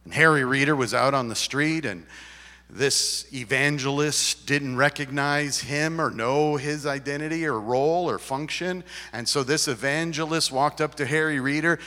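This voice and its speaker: A man preaching a sermon in a church, his delivery swinging from loud emphasis to a near-whisper. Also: on the high side, normal speed. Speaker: pastor. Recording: reverberant hall.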